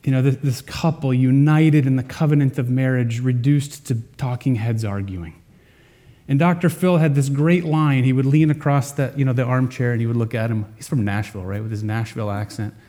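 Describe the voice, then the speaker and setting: A man preaching a sermon to his congregation, earnest, with dramatic pauses and swings in loudness. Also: medium pitch, steady tone. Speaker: pastor.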